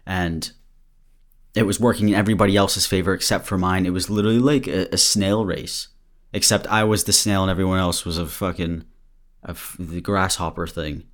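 A man's voice: low voice, steady tone, fairly quick. A young man hosting a podcast, giving a rambling, earnest motivational talk and a little out of breath, with restarts and the odd swear word. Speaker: podcast host.

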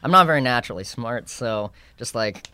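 Young male guest in his twenties, halting and filler-heavy, dry close mic. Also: mid-range voice, animated, pushed and bright, clear, resonant tone, no room sound. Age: 20s. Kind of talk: casual podcast chat.

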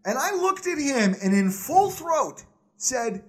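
A man with a high voice that swoops all over as he tells a story in an exasperated, animated way. He sounds like a podcast co-host in casual banter. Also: takes it slowly.

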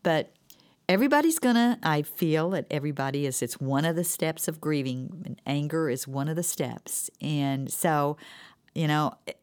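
A middle-aged woman in a faith-based conversation, telling her grief story earnestly and haltingly. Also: sits low, animated, darkish tone, clean tone. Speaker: co-host sharing grief experience.

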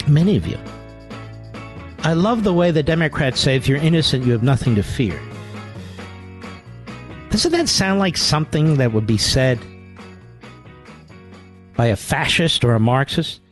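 A man's voice: a little high, sing-song, a little slow, pauses often, faint music behind. A man hosting a talk radio show, delivering a combative, sarcastic monologue.

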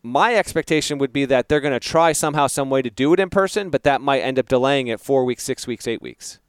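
A man reporting as a guest on a casual sports podcast, explaining in a measured way and trailing off softly. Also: mid-range voice, clean tone, dry recording, studio quality.

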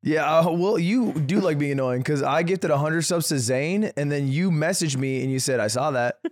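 Man, slightly high voice, laughing anecdote, casual podcast chat. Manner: laughing, quick interjections. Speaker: podcast co-host.

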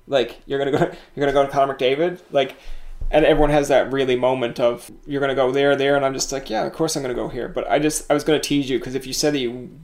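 Man, podcast host, fast-talking, rambling, teasing, casual chat. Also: mid-range voice, gravelly, a little mellow.

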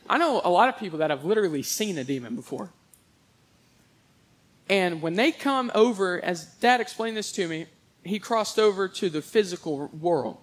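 High-voiced young man rambling. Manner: animated, rambling, jokey with religious asides. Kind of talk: casual storytelling monologue.

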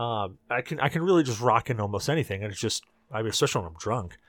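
A man co-hosting a podcast, talking casually in long rambling runs. His pitch swings widely as he gets worked up, and he often doubles back on his own words. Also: fast talker, hardly any pauses, no room sound. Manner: animated, rambling, repeats himself. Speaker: podcast co-host. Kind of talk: casual chat.

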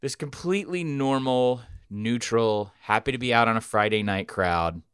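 A man hosting a podcast, telling a rambling, profane story with sudden loud outbursts. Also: medium pitch, normal speed, clean tone, no echo, studio quality. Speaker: podcast host. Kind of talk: casual storytelling chat.

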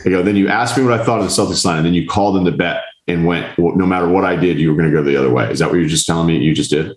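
This podcast host races through a long story in a low voice, casually chatting while animatedly mimicking the people he quotes and swearing freely. It's recorded in an echoey room.

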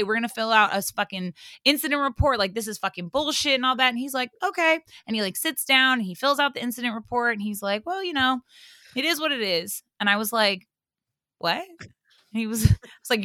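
A young woman hosting a podcast, telling a story in casual chat, animated, full of fillers and swearing. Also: mid-range voice, dry recording, studio quality. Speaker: podcast host.

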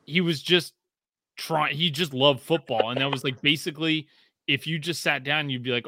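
A man in his thirties co-hosting a casual sports podcast, telling stories with lots of swearing and climbing pitch when he gets excited. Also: normal speed, background noise. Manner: animated storyteller, swears freely, rising pitch when excited. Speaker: podcast co-host.

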